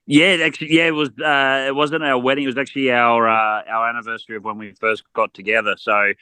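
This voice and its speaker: A man's voice: medium pitch, little pitch movement, quick pace, pushed and bright, smooth, no room sound. A man, a podcast guest talking sport bluntly and getting worked up, often repeating words. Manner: blunt, fired-up, repeats words when heated. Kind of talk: casual sports chat.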